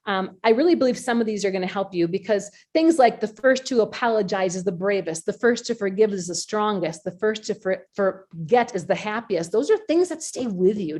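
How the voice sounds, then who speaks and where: A woman hosting a podcast, telling a personal story in a chatty, animated way, acting out her own past reactions. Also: fairly high pitch. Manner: chatty, with frequent fillers and laughs. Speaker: podcast host. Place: community call or podcast recording.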